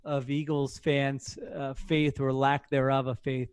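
A man hosting a casual sports podcast, talking in an animated way with quick, self-deprecating asides. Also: medium pitch, clear, resonant tone, no room sound. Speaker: podcast host.

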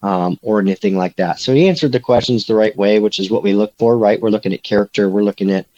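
Low-voiced man rambling on a podcast. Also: fast talker, dark tone, muffled recording. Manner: rambling, many fillers and restarts. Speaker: podcast co-host, recruiting beat reporter. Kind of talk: casual sports podcast chat.

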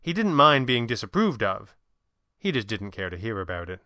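A man reading a story aloud in a measured, even manner. His voice is bright and crisp, close and dry on the mic. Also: lowish voice, no echo. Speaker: narrator. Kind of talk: audiobook narration.

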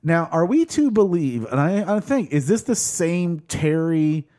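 A man's voice: fairly high pitch, very animated, a little slow, dark tone. A man co-hosting a casual podcast chat, rambling with lots of fillers and laughs. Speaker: podcast co-host.

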